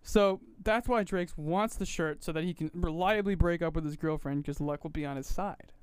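A man's voice: fairly high pitch, moderate pace, clear, resonant tone, no room sound. A man co-hosting a radio show, chatting casually and laughing often in a laid-back, slangy way. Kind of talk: casual banter. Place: radio studio.

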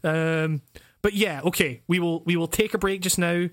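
A man's voice: high-pitched, steady tone, normal speed. Stammering man hosting a podcast. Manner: swearing, stammering restarts, laughing often. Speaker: podcast host. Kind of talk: casual chat.

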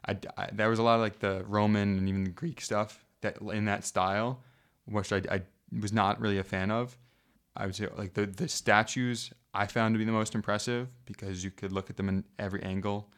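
A young American man co-hosting a podcast, chatting casually in a relaxed, rambling way full of "like". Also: lowish voice, brisk. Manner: relaxed, rambling, heavy use of "like". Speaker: podcast co-host. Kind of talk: casual chat.

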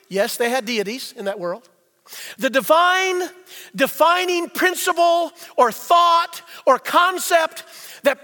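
A man's voice: very high-pitched, bright, forceful tone, long reverb tail. A man preaching a sermon as pastor, teaching in a folksy way with rhetorical questions.

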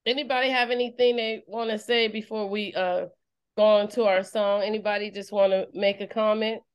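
A woman preacher leading an online service speaks at medium pitch, fairly quick and smooth, with fairly even intonation. Even so, her sermon is fiery, repeating phrases for emphasis with rising call-and-response intensity.

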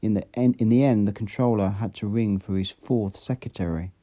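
A male audiobook reader narrates in a steady, even manner. His voice sits low and sounds very dark and mellow. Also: brisk. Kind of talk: novel reading.

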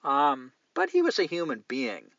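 Lively, bright-voiced male podcast host. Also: on the high side, a little slow, no room sound, lo-fi sound. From Southern United States. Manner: profane, wry joking asides. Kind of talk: casual podcast, reading listener mail.

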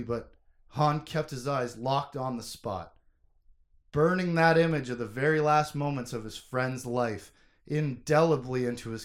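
A man recapping a story casually, then reading a long passage aloud with dramatic emphasis. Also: mid-range voice. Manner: reads aloud with dramatic emphasis, shouting quoted lines.

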